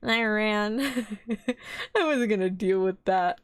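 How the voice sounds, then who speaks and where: A woman's voice: medium pitch, normal speed, clean tone, no echo. Chatty young woman streaming, dry mic. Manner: chatty, rambling, giggly. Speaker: vtuber streamer. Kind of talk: casual live-stream chat.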